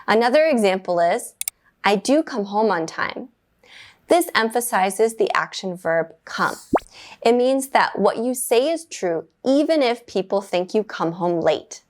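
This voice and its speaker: Reading from a script, a woman gives a beginner English grammar lesson in a clear, measured, mid-range voice. Whenever she praises the learner, her tone brightens and rises.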